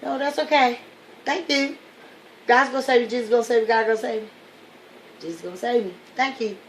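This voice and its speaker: A woman's voice: on the high side, brisk, a little hiss or hum, pitched above the performer's own voice, lightly acted. A woman voicing a stubbornly faithful drowning man who keeps pleading and repeating himself in a singsong way.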